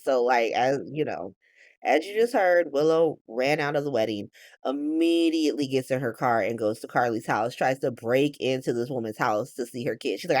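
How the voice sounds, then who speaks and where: A woman's voice: rumbling low, lively intonation, moderate pace, darkish tone, no echo, clean studio sound. A woman hosting a soap opera recap, narrating casually in profane slang.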